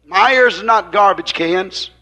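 Fiery bright-voiced preacher. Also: male voice, sits high, a little slow. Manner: rhythmic, repetitive, rising and falling in intensity. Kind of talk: fiery sermon. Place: church.

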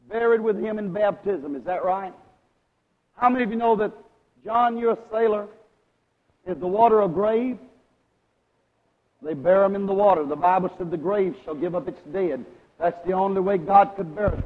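A man preaching a sermon, questioning his congregation and asking them to agree, his loudness swinging between strong and hushed. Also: sits high, normal speed. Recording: lo-fi recording with a long hall echo.

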